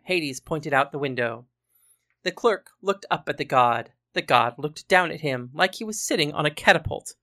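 Bright-voiced woman narrating a story. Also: low-pitched, animated, normal speed.

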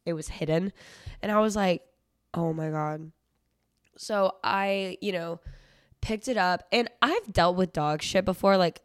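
Young woman podcaster, casual and rambling, swears freely; lowish voice, dry recording. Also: no echo. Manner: chatty storytelling with heavy swearing and frequent fillers. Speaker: podcast host. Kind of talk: casual solo podcast chat.

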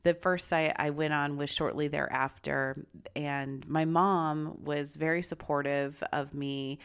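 A woman's voice: low voice, fairly even intonation, a little slow, clean tone. A middle-aged woman candidly telling a personal story in a bubbly, confiding way. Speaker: vlogger.

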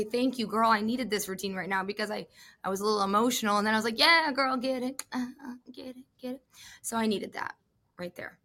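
A woman co-hosting a podcast, chatting casually in an animated, gushing, jokey way. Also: medium pitch. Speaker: podcast co-host. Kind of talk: casual chat about gymnastics.

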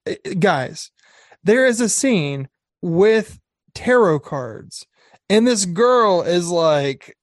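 A co-host on a casual horror-movie podcast, retelling scenes in an animated way and acting out lines and sound effects. The voice sits in a middle pitch. The sound is dry and close. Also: takes it slowly, no room sound. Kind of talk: casual film-review chat.

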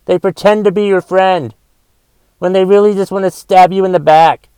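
A man's voice: high voice, steady tone, moderate pace, dark tone, smooth, no echo, poor audio. Profane, stammering man ranting on his podcast. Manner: profane, repetitive, frequent restarts. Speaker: podcast host. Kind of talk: casual monologue rant.

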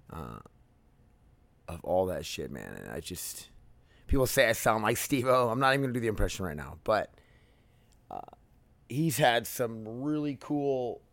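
A man in his thirties hosts a solo podcast, talking casually and candidly while rambling with lots of fillers and restarts. His voice sits on the low side, and the recording is dry.

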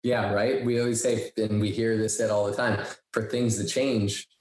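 A man co-hosting a podcast, telling a story in a casual, animated way and acting out the dialogue he quotes. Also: fairly low pitch, normal speed. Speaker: podcast co-host. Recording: echoey room.

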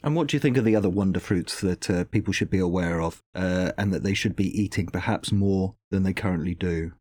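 A man's voice: low-pitched, a little fast, darkish tone, no room sound. A male podcast host interviewing a guest in a jokey, theatrical manner, addressing listeners directly. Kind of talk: casual interview and playful commentary.

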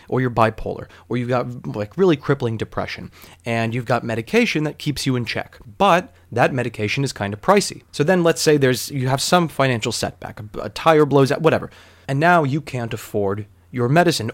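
A man telling a long story in a casual, rambling way, wandering into digressions and scattering fillers as he goes. His voice sits at an ordinary pitch.

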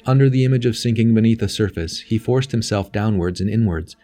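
Brief: male audiobook narrator, low-pitched, measured delivery. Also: mellow, a little hiss or hum. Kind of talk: audiobook reading.

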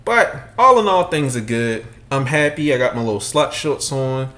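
A man in his thirties co-hosting a sneaker podcast, telling stories in casual, profane chat and acting out loud quotes. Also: medium pitch, moderate pace. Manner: animated, profane storytelling with loud acted-out quotes. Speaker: podcast co-host.

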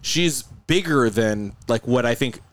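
A man co-hosting a casual podcast chat, excited and rambling, swearing often, with many fillers. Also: mid-range voice, measured pace, no room sound. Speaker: podcast co-host. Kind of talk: casual chat over beers.

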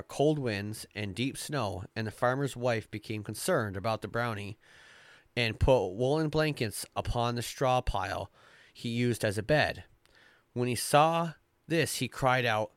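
A man hosting a casual podcast reads folklore aloud in a slow, unhurried way, tripping over words and filling gaps with ums. His voice is smooth and clear. It is close on the mic and bone-dry. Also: mid-range voice, lively intonation, dry recording. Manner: slow, stumbling read-aloud with filler and cursing. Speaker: podcast host.

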